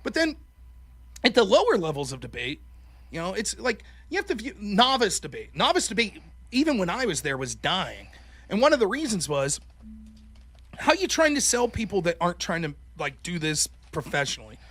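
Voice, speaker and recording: High, lively voiced man swearing freely. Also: moderate pace. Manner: animated, swears constantly, acts out quotes. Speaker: podcast guest, former college debater. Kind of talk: casual profane chat.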